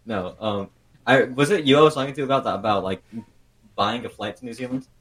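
A man's voice: mid-range voice, brisk, a bit bright, poor audio. A man chatting casually on an online group call through a desk microphone, rambling and trailing off.

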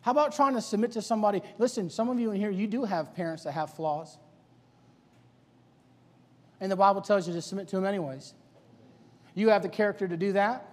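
Inside a church sanctuary with long hall reverb, a male preacher addresses young people in a high, slightly mellow voice. He talks a little fast but leaves long pauses, speaking emphatically and colloquially while firing off rhetorical questions.

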